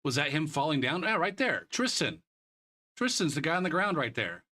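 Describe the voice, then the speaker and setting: A slightly high, very animated voice moves at a moderate pace. This young man is streaming a kart racer and venting with swearing over a race he lost, shouting incredulously at the replay in laid-back gaming chatter.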